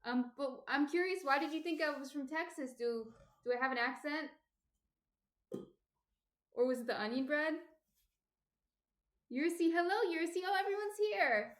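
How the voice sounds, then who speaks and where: A woman's voice: high-pitched, moderate pace, pauses often, reverberant. Chatty woman from New Jersey baking live. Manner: chatty, greets viewers by name, explains steps as she works. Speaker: baker streaming a sourdough tutorial. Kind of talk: casual live-stream talk.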